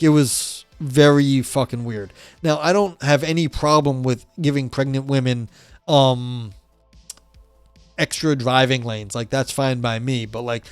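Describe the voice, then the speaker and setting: A man's voice: medium pitch, no echo. A man from New York talks in a loose, rambling livestream chat, swearing and restarting his sentences often. He sits close to a dry mic, and faint music plays behind him. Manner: rambling, profane, many fillers and restarts. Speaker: livestream host reading a book. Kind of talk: casual livestream chat and reading aloud.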